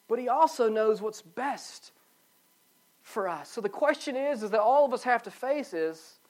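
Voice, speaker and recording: A pastor giving a sermon, swinging between loud pleading and soft low passages and repeating phrases for emphasis. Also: animated, a little slow.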